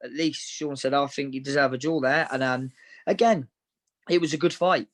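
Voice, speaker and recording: A man recounts his fights in a relaxed, frank interview. His voice sits at an ordinary middle pitch. He talks matter-of-factly and in anecdotes. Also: moderate pace. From Devon, England. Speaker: professional boxer, interview guest. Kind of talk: casual interview storytelling.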